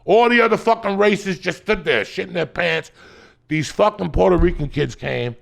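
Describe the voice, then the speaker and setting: A man telling a profane comic story as a podcast guest, swinging from loud shouting bursts to low muttering. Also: moderate pace. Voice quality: gravelly.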